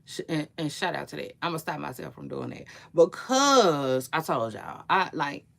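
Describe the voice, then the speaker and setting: A woman's voice: low voice, lively intonation, normal speed, vocal fry. A woman giving casual celebrity gossip commentary, chatty and slangy, rambling with frequent asides.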